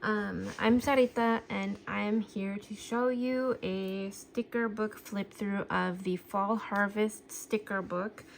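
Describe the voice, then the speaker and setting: A woman with a gravelly fry in her voice, chatting casually as she pages through a sticker book. She sounds a little out of breath and fills her talk with "um"s. A faint hiss sits under her voice. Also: medium pitch, fairly even intonation, takes it slowly, hardly any pauses. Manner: chatty, with frequent "um" fillers. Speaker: planner vlogger.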